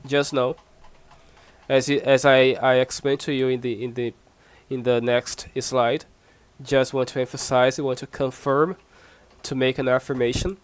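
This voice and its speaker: A Brazilian man whose first language is Portuguese teaches an online Portuguese class in English, carrying a Brazilian accent. He patiently repeats himself and offers examples, speaking at normal speed in a mid-range, clean voice with little pitch movement, recorded dry.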